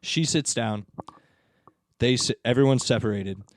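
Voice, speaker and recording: A man hosting a podcast, telling a story in a casual chat and acting out the people in it with big jumps in his voice. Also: measured pace. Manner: animated storyteller, acts out quoted people with big pitch jumps. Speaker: podcast host.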